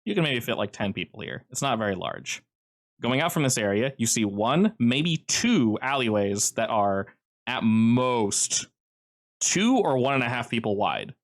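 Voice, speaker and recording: A man's voice: mid-range voice, big pitch swings, measured pace. Casual male game master describing a scene. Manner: casual and descriptive, with frequent fillers. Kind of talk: narrating a tabletop game.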